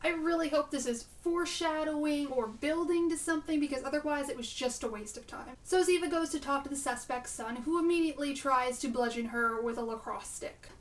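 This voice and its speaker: A chatty young woman running through a TV episode review, sarcastic and excitable by turns. Her voice is high and bright, picked up a little away from the mic. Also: a little fast, few pauses, distant mic. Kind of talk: casual video review.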